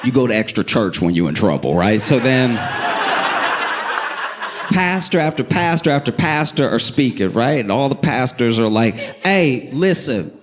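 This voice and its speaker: A male stand-up comedian telling a story in an animated way and acting out the people in it. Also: mid-range voice, normal speed, very noisy. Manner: animated, acts out characters.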